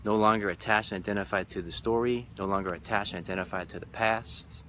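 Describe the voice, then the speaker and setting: Lowish, bright-voiced man as a retreat leader, emphatic and repetitive, live-stream talk. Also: fairly even intonation, quick pace, a little hiss or hum. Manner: repetitive, emphatic, rhythmic phrasing. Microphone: phone or webcam live stream.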